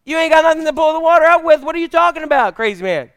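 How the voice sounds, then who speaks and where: A man's voice: measured pace, fairly bright tone, clear, resonant tone, heavily acted. A man voicing an annoyed, sassy Samaritan woman at a well, in an exasperated, mocking tone. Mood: scoffing. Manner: exasperated, high-pitched, mocking.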